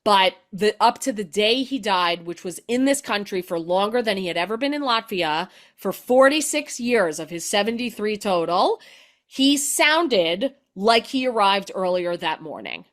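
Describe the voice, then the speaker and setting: A middle-aged woman, a comedian guest, explaining and telling stories in an animated way, full of "like". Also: mid-range voice, unhurried. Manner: animated, explanatory, filler-heavy with "like". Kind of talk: conversational storytelling.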